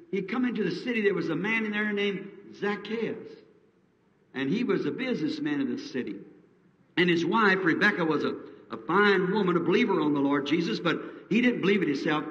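A man's voice: high-pitched, fairly bright tone. A man preaching a revival sermon, telling stories in plain country grammar and swelling into fervent cries. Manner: fervent folksy storytelling, voice surging to cries. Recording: dull old sermon tape, distant mic in a reverberant hall.

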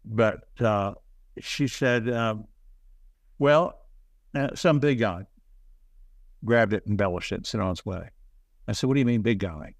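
A man as an interview guest, telling stories in a rambling, halting way with self-deprecating asides. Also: on the low side, vocal fry, no room sound. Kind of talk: casual storytelling.

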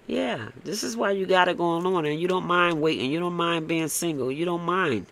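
A man's voice: on the high side, moderate pace, a bit bright. A man giving a casual, blunt tarot reading, tagging "okay?" onto his points and cursing freely. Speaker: tarot reader.

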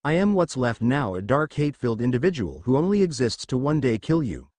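A man's voice: mid-range voice, big pitch swings, brisk, a little mellow, dry recording. A man reading a fan fiction story, voicing a cruel, scornful woman ninja who sneers and growls. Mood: menacing.

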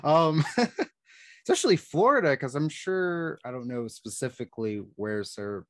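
A man's voice: a little high, lively intonation, a little slow, no room sound, studio quality. A man hosting an interview podcast, talking loosely with lots of fillers. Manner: loose, filler-heavy, laid-back. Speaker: podcast host. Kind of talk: casual interview chat.

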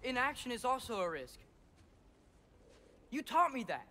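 A man's voice: very high voice, big pitch swings, measured pace, bright, forceful tone, big-room sound, a little hiss or hum, exaggerated voice. A performer voicing an earnest, determined teenage boy, heard as game audio over music. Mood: urgent.

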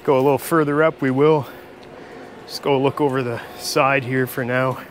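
A man giving a relaxed, chatty travel vlog commentary while walking outdoors through a city. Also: mid-range voice, normal speed, a little hiss or hum. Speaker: travel vlogger. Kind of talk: casual walking vlog narration.

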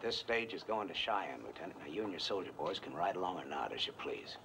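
Gruff frontier marshal, lowish voice, commanding, noisy film soundtrack. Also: male voice, animated, quick pace. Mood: stern. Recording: film soundtrack with background noise.

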